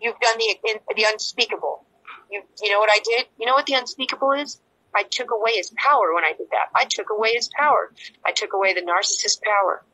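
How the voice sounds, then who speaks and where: A woman's voice: medium pitch, quick pace, sharp tone, dull audio, slight background noise. A woman interview guest giving an emotional personal account, rambling and repeating herself as she acts out quoted dialogue.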